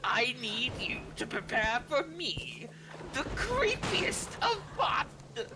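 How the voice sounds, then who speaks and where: A man voicing a pompous, demanding male evil wizard in slow, theatrical, half-whispered commands, joking on a gaming stream. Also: very high voice, huge pitch swings, background noise, pitched above the performer's own voice, full character voice. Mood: grandly demanding.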